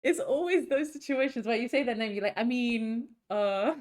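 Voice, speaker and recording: A woman co-hosting a podcast, chatting casually and laughing often, with quick asides. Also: sits high, lively intonation, darkish tone. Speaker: podcast co-host. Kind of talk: casual chat.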